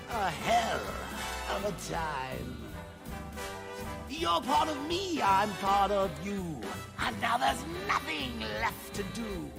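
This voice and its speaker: A man performs a manic, gloating clown villain who sings and cackles, his voice swooping wildly up and down. He sings slowly and with a gravelly edge. The song sits under a loud backing track. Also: sits high, heavily acted.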